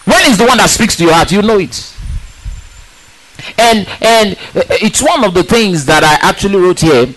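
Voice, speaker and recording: A man preaching a sermon in an emphatic, animated way, asking rhetorical questions and repeating words for stress. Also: sits high, normal speed, rough recording.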